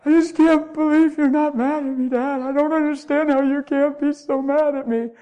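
A man's voice: very high-pitched, fairly even intonation, moderate pace, dark tone, muffled recording, voice pushed up. A man voicing his grown son, weeping and remorseful, in a quoted exchange during a sermon. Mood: pleading.

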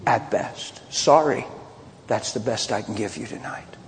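A man preaching a sermon, mixing loud outbursts with hushed personal confessions as he tells a story. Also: fairly low pitch, measured pace, slight background noise. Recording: long hall reverb, faint ambience.

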